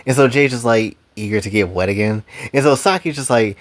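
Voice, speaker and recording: A man's voice: medium pitch, a little fast. A man hosting a casual story recap who rambles through it with lots of fillers. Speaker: host.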